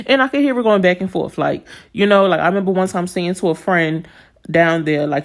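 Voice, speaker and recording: A woman's voice: on the low side, fast talker. Chatty New York woman with a Southern twang. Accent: New York with a slight Southern twang. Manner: chatty, laughs often, addresses viewers as y'all. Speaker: nail art vlogger. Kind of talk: casual chat while doing nails.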